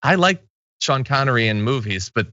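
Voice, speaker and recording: A man's voice: mid-range voice, expressive, moderate pace, bright, forceful tone, no room sound, muffled recording. A man hosting a casual news talk show, reading out viewer comments and laughing easily with his co-host.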